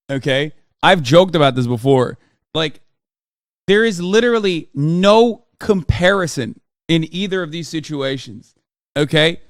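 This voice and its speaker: A man's voice: a little high, no echo, studio quality. A man livestreaming, ranting in a casual, profane and exasperated way, with emphatic restarts. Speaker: livestreamer reacting to clips.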